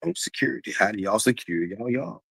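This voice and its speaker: Talking fast in a fairly low, slightly rough voice with vocal fry, a man addresses his stream audience casually. He's animated, repetitive and preachy, laughing often, and the low-quality recording has no echo.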